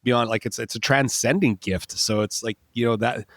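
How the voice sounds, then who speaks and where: A middle-aged man hosting a podcast interview. He is enthusiastic and encouraging and tends to ramble. His voice is mid-pitched and recorded dry. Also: fairly even intonation, normal speed, a bit bright, dry recording. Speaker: podcast host. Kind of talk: casual interview chat.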